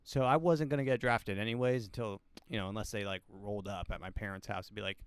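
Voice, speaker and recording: A man in his twenties, a podcast host, talking in a rambling, hesitant way with deadpan jokes. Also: on the low side, fast talker, hardly any pauses, clear, resonant tone, no echo. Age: 20s. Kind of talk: casual solo commentary.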